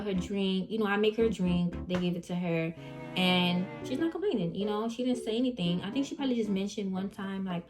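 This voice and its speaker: A woman vlogger telling a casual story about a job, talking in an animated, chatty way and speaking straight to her viewers. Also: mid-range voice. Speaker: vlogger recounting fast-food job.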